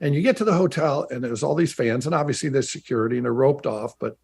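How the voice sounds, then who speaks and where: A man, a former player turned team broadcaster, chatting in a casual interview over a video call and telling stories in an animated way. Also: medium pitch, vocal fry, breathy edge. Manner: storytelling, animated, quick asides.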